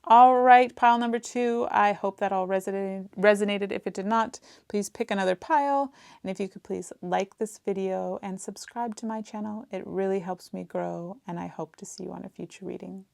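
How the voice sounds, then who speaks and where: A woman's voice: medium pitch, normal speed, gravelly, darkish tone, no echo, clean studio sound. A woman giving a pick-a-card tarot reading in a chatty, reassuring way, full of fillers. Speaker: tarot reader.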